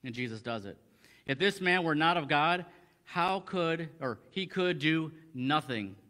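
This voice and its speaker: Bright-voiced man preaching on scripture. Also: on the high side, expressive, unhurried. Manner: conversational, many restarts, quoting scripture in old English. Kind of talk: expository Bible teaching.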